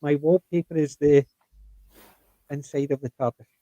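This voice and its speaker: A man's voice: fairly high pitch, moderate pace, no echo, lo-fi sound. An older man with a Scottish accent, hosting a casual group chat and telling stories with acted-out quotes. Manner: chatty, animated storytelling with acted-out quotes. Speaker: host.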